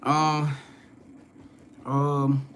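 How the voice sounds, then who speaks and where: A man's voice: on the high side, monotone, extremely slow, a bit bright, slight background noise. A young man hosting a spiritual reading live stream, talking loosely in slang, greeting viewers by name and swearing now and then. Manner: laid-back slangy talk, greeting viewers by name, frequent swearing and laughs. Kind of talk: casual live-stream chat.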